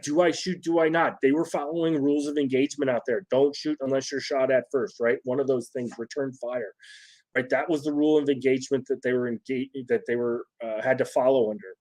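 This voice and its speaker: A man with a medium-pitched, somewhat dark voice hosts a casual solo talk on leadership from a home setup with a phone nearby. He chats loosely to his viewers, restarting sentences and often ending them with "right?"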